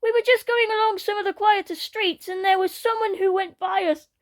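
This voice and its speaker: A woman's voice: extremely high pitch, fairly even intonation, a little fast, pitched above the performer's own voice. Woman doing a breathless little fox kid. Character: panicked little fox child.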